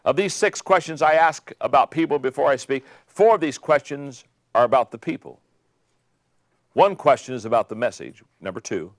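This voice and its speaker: An older man giving an emphatic motivational talk on leadership, repeating key phrases and building to loud peaks. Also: mid-range voice, dry recording, studio quality. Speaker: speaker on leadership.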